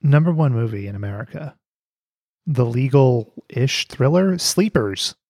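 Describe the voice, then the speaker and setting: A man's voice: medium pitch, animated, unhurried, a little mellow, no room sound. Guy cohosting a podcast, jokey and chatty, dry close mic. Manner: joking, playful, laughs often. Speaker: podcast co-host. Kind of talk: casual chat.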